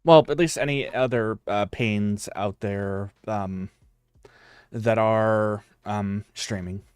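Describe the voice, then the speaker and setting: A man's voice: fairly low pitch, steady tone, takes it slowly, darkish tone, clean tone, no echo, studio quality. A man with a US West Coast accent, chatting casually as a streamer in a rambling way with many fillers and restarts. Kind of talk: casual chat.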